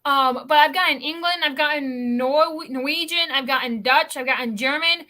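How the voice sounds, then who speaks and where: A woman co-hosting a casual podcast chat, talking in quick, chatty asides. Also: high-pitched, bright, forceful tone. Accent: non-local accent that others remark on. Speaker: co-host.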